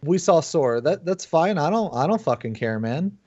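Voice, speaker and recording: A man's voice: on the high side, moderate pace, dry recording. A man who is a guest on a gaming podcast, chatting casually and ranting bluntly with lots of swearing. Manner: blunt, profane, animated ranting with laughs. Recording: dull lo-fi dry sound.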